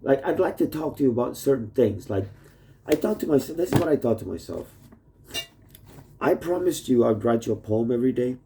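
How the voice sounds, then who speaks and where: This vlogger's voice is mid-range, creaky and dark in tone, brisk with lively intonation, over a little hiss or hum. He's at home indoors, roommates asleep, rambling through a profane video message to his wife that keeps jumping between subjects.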